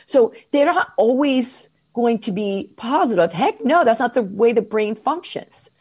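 A woman, a guest on an interview podcast, giving advice on mindfulness in an expressive, animated way, slowing down to stress key points. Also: a little high, husky. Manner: expressive, animated, slows down for emphasis.

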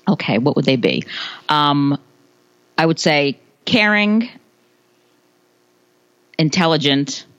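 A woman's voice: low-pitched, expressive, slow, long pauses, fairly bright tone, no room sound, low-quality recording. A woman in her thirties talks about her kids as a podcast guest. She laughs easily and often restarts her sentences. Her voice is recorded close and dry, with no room sound. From United States. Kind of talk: casual interview answers.

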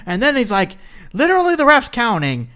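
A man co-hosting a casual wrestling podcast, profane and animated, ribbing wrestlers and slipping into mocking voices. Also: very high-pitched, brisk, clean tone. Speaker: podcast co-host.

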